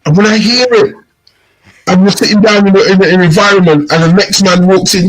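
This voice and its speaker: A man's voice: high-pitched, fairly even intonation, fairly quick, poor audio. A man co-hosting a podcast in casual chat, telling stories animatedly and mimicking slang phrases. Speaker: podcast co-host.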